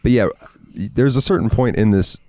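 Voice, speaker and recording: A man's voice: medium pitch, normal speed, warm tone. A man co-hosting a gaming podcast in casual chat, rambling, laughing often and swearing freely. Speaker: podcast co-host.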